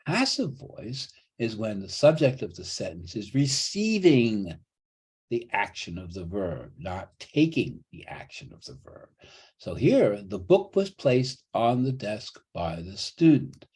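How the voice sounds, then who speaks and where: A man's voice: fairly low pitch, very animated, measured pace, a little mellow, slightly rough. A man teaching a college English class over a video call, explaining patiently and often restarting and repeating his phrases. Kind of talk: online class lecture.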